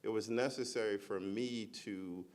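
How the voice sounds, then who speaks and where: A middle-aged man speaking on a career panel, a school principal who tells his story animatedly. His voice sits a little low, and he acts out the voices of the people he quotes with a storyteller's energy. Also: steady tone, moderate pace, a little mellow.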